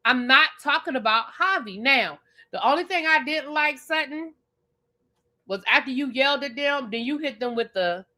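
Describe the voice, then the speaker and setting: Bright-voiced woman ranting about TV. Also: high-pitched, moderate pace. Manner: animated, blunt and profane, talks straight at the show's cast. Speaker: TV show reviewer and channel host. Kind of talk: live rant and review.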